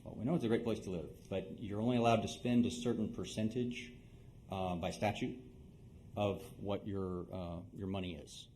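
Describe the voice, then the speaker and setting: A man's voice: on the low side, moderate pace, mellow, slight background noise, rough recording. A man politely advising a town board, explaining rules step by step. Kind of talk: meeting advice.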